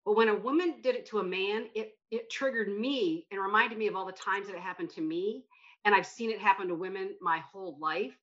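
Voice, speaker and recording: A middle-aged American woman co-hosting a podcast, talking in an emphatic, animated way and often cutting herself off. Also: mid-range voice, a little fast. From United States. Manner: emphatic and animated, self-interrupting. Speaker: podcast co-host. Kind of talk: casual discussion. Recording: slightly muffled lo-fi mic.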